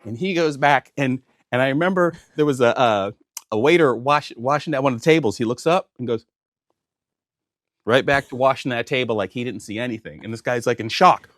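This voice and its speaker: A man, a comedian and guest, telling a story in a casual, animated way. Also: mid-range voice, brisk, no echo, clean studio sound. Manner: animated, lively.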